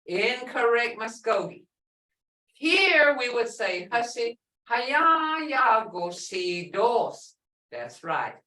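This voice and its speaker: Teacher, woman, middle-aged, twang, high and animated but slow, mic a bit far in a roomy hall. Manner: lively, drawn-out teaching with slow spelled-out phrases. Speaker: language teacher. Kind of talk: classroom language lesson. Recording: echoey room, voice a bit off-mic.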